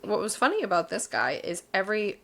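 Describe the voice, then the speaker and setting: A young woman co-hosting a podcast in casual chat, quick with jokes and reactions and laughing often. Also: mid-range voice, very animated, vocal fry, a bit bright. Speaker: podcast co-host.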